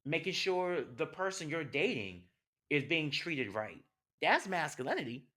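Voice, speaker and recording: A man's voice: a little high, big pitch swings, measured pace, sharp tone. A young man, hosting a podcast as a passionate, conversational monologue full of rhetorical questions. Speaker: podcast host. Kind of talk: personal monologue.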